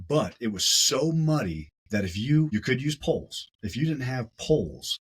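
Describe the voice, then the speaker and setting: Husky-voiced man telling a story. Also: on the low side, low-quality recording. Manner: animated, repeats words as he tells a story. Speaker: podcast guest. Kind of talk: casual storytelling.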